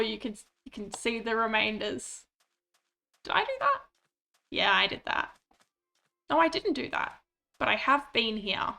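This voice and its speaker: A woman's voice: a little high, gravelly, pushed and bright. A woman streaming a game, chatting casually and mocking herself, swearing when annoyed. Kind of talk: casual gameplay chat.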